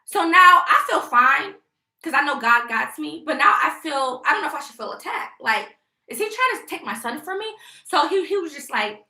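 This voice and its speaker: A woman's voice: sits high, big pitch swings, normal speed, pushed and bright, echoey room. A young woman venting emotionally on a casual livestream, rambling and indignant. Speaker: vlogger live-streaming.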